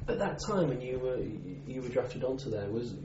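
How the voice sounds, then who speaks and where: A man interviewing a veteran for an oral history, asking careful, probing questions. The recording is echoey and muffled, with a clear hum. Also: mid-range voice, sing-song, normal speed, crowd noise.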